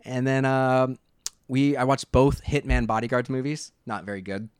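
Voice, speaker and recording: A man co-hosting a podcast, chatting casually about shows and films in a rambling, animated way with many restarts. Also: medium pitch, moderate pace, clear, resonant tone, no echo, clean studio sound. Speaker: podcast co-host. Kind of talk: casual movie chat.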